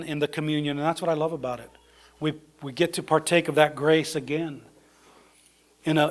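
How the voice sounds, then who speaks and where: Man, sermon, high voice, conversational, soft low asides, excited high bursts. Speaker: preacher.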